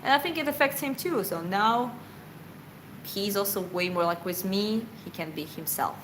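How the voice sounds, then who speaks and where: A woman's voice: mid-range voice, moderate pace, a bit bright, a little hiss or hum, rough recording. A woman boxer answering viewer questions in a casual livestream Q&A. She talks in an earnest, reflective way, rambles, corrects herself and laughs often.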